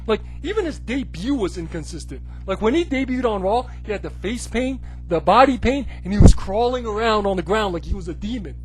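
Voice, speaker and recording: A man hosting a wrestling video, ranting sarcastically in a casual, animated way with lots of "you know, like". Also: high voice, fairly quick, few pauses, rough recording. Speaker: wrestling commentary video host. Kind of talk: comedic rant.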